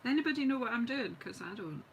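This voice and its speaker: A middle-aged Scottish woman talks fast in a fairly high, gravelly voice with lively intonation while demonstrating card making live. She keeps chatting to viewers as she works, teasing herself. The audio has its highs cut off and some slight background noise.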